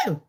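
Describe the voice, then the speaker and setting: An English woman with a Birmingham accent, hosting a gossip channel, talking in a brash, foul-mouthed way and laughing often. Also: sharp tone. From England. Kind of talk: casual gossip vlog.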